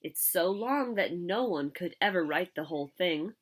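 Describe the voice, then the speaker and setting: A woman voicing a kindly old male poet who talks in a gentle, measured way. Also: fairly low pitch, expressive. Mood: earnest.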